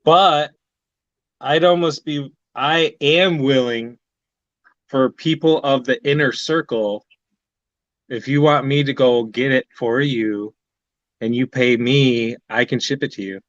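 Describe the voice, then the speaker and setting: Slow-talking man on a dull line. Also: medium pitch, no room sound. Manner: unhurried, trails off with fillers. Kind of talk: casual chat.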